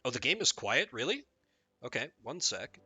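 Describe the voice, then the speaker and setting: A man's voice: mid-range voice, moderate pace, breathy edge, faint music behind. A man streaming a text game live, reading the story aloud and joking about it. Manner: jokey, animated, reads game text and riffs on it.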